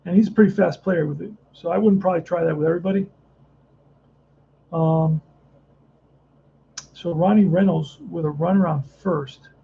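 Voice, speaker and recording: A man's voice: on the high side, steady tone, normal speed, gravelly, long pauses, narrow, tinny audio, a little hiss or hum. A man casually narrating a tabletop baseball replay, thinking aloud and rambling with frequent restarts. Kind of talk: casual play-by-play and chat.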